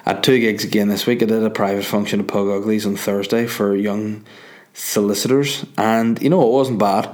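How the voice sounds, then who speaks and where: Speaking at a normal speed with a low, darkish voice and fairly even intonation, a man with a Northern Irish accent delivers a casual late-night podcast monologue. He's a comedian, sleepy and rambling, cracking jokes and swearing freely.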